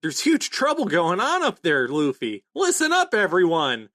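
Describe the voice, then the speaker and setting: A man's voice: high voice, wildly swooping pitch, moderate pace, bright, forceful tone, no room sound, studio quality, pitched above the performer's own voice, full character voice. A man voicing a small male reindeer doctor in a frantic, urgent rush. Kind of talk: reading comic aloud in podcast.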